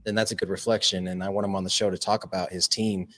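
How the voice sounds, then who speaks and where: A man's voice: deep voice, little pitch movement, fast, a bit bright. A man hosting a podcast interview, agreeable and affirming as he chats with his guest. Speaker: podcast host.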